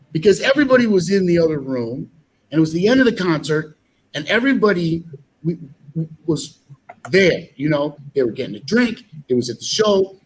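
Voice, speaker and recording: Brief: talkative man guest, fairly high voice, rambling storyteller, faint hiss behind. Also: rough recording. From United States. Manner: rambling, with many fillers and restarts. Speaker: actor and musician guest. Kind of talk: animated storytelling in an interview.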